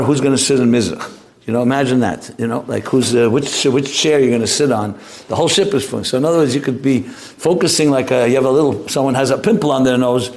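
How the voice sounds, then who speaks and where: A man's voice: medium pitch, a little mellow. Male Torah teacher, informal class, wanders into anecdotes, restarts sentences often. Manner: rambling, anecdotal, frequent restarts.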